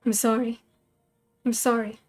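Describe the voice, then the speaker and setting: A woman voicing an earnest, protective young man in a read-aloud story, with a low-key, plain delivery. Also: little pitch movement, measured pace, soft background music. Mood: tender.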